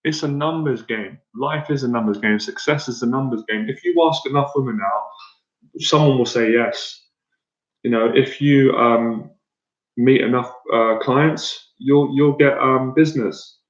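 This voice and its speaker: A man's voice: mid-range voice, measured pace. A man coaching an audience in a blunt, rambling way, often repeating himself and restarting his sentences. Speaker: dating coach. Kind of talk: motivational talk to an audience. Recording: echoey room, dull lo-fi sound.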